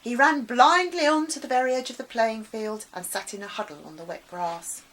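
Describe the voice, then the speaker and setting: A woman author reading her children's adventure story aloud with expressive, dramatic storytelling. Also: on the high side, normal speed, a little hiss or hum, rough recording.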